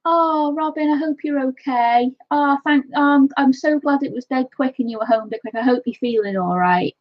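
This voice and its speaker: A high-pitched woman talks at a normal speed as she colours on a home live stream, greeting viewers by name in a fond, casual chat. The dry recording has the dull, lo-fi sound of home streaming.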